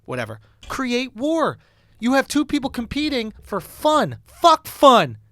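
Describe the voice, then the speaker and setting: A man's voice: extremely high pitch, huge pitch swings, a little slow, dry recording. A man hosting a podcast, making his point in an emphatic, profane rant on a studio mic. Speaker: podcast host. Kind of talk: casual podcast chat.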